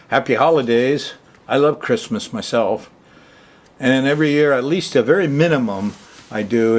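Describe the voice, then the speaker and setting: Chuckling, rambling male astrology host. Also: mid-range voice. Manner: chuckling, chatty, rambling asides. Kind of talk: casual monologue to camera. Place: Hawaii.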